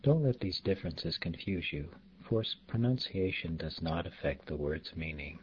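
A man teaching pronunciation in a slow, deliberate way, spelling out sounds and repeating example words. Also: low voice, animated. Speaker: language teacher. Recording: dull lo-fi recording, faint background noise.

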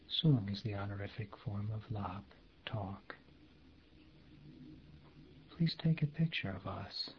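A man with a fairly low voice reads a language lesson at a very slow, deliberate pace, glossing each phrase word by word. The recording is dull and lo-fi, with a faint hiss underneath. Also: expressive. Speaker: language teacher. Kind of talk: reading a language lesson aloud.

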